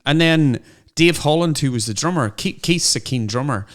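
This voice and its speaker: A middle-aged man co-hosting a podcast, telling animated anecdotes in casual chat. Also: on the high side, moderate pace. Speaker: podcast co-host.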